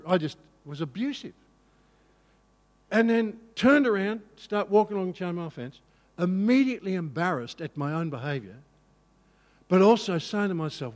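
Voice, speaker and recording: A male pastor telling a personal story in a sermon, animated and self-mocking. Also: sits high, normal speed, in a large hall.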